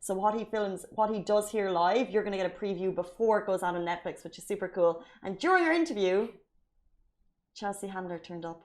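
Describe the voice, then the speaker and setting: A woman's voice: mid-range voice, fast. A woman hosting a news and lifestyle show, talking in a chatty, bubbly way. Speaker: show host. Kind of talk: lively news show banter.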